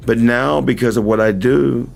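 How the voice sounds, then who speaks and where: Heard through a camera mic, the livestream host has a medium-pitched, creaky voice that's a little mellow, moving at a moderate pace. He tells a rambling story, frequently chuckling and correcting himself, then speaks directly and earnestly to his audience.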